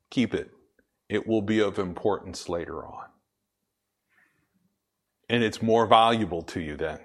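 A man preaching a sermon emphatically, slowing down to stress his points and asking questions that he answers himself. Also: fairly low pitch.

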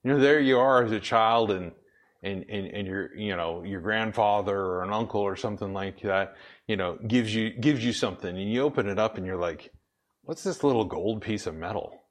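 A man with a fairly low voice preaches a sermon emphatically, slowing down to drive home his points. He poses questions and then answers them himself.

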